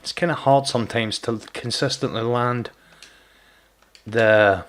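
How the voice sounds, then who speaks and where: During a laid-back gameplay stream, a man talks in a steady, unhurried, mid-range voice. He teases viewers now and then and stumbles on repeated words.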